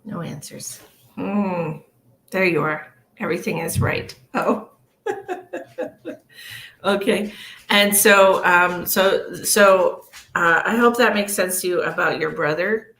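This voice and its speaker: Woman psychic, livestream reading. Slow, emotional and earnest, a bit of fry, faint hum behind. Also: on the low side, a bit bright. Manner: rambling with many fillers. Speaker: psychic medium. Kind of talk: live-streamed psychic reading. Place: home livestream.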